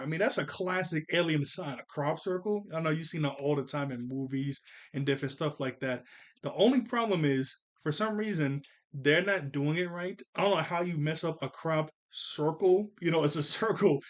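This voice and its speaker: A young man giving a casual episode review of a cartoon, chuckling often and jumping into quick character voices. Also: fairly high pitch.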